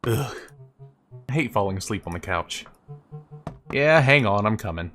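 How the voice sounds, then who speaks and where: A woman putting on a deep, weary deadpan man in a game. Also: moderate pace, soft background music. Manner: dry, deadpan jokes. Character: weary down-on-his-luck adult man, deadpan. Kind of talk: voice-acting a game.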